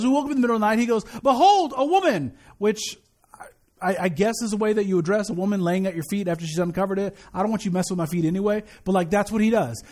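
A man with a notably high voice delivers a sermon as pastor of his congregation. He talks casually, stumbling over words and restarting often. He drops light joking asides into his teaching. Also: darkish tone.

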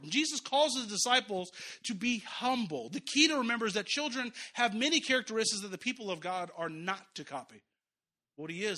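A man with a high, bright voice preaches a sermon in a church. He talks to the congregation conversationally, chuckling now and then and repeating his key phrases. His tone has a forceful, sharp edge. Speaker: pastor.

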